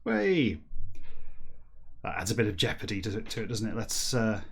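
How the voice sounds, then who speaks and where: A man's voice: on the low side, very animated, creaky, breathy edge. A man hosting a comedy stream, rambling wryly between stretches of reading a book backwards aloud. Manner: chatty, rambling and wry, breaking into silly slow-read dialogue. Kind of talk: livestreamed comedic reading and chat.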